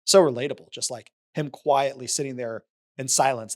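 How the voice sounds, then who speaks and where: A medium-pitched man speaking at a moderate pace co-hosts a podcast, chatting casually about a film. He's animated, retelling its scenes and acting out quoted lines.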